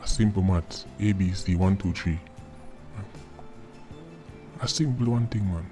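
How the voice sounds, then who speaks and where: Mocking Jamaican man, mellow low voice. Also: unhurried, faint music behind. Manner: mocking, repeating tag words like "right?". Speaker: commentator. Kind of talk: casual patois commentary.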